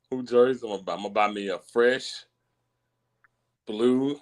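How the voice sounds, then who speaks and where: A man's voice: mid-range voice, a little slow, pauses often, darkish tone. A man hosting a live stream in casual chat, teasing his chat and laughing often.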